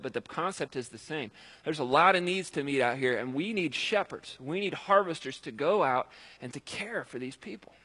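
A man's voice: on the high side, fairly bright tone, breathy edge. A man preaching a sermon in a conversational, emphatic way, with fillers and restarts.

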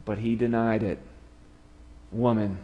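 A man preaching a sermon, retelling a story with dramatic swings from lively to hushed. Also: medium pitch, moderate pace, lo-fi sound. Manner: storytelling, dramatic drops to quiet. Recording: long hall reverb.

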